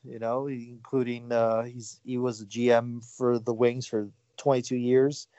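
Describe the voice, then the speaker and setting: A man's voice: mid-range voice, little pitch movement, mellow, dry recording. Male podcast host, casual sports talk, hesitant and filler-heavy, muffled dry recording. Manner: halting, many fillers and restarts.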